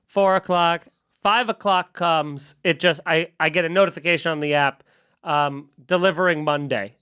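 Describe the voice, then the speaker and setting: Bright, high-voiced man telling a story. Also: moderate pace, smooth, dry recording, clean studio sound. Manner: animated, profane, acts out quoted exchanges. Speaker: comedian podcast host. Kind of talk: casual storytelling chat.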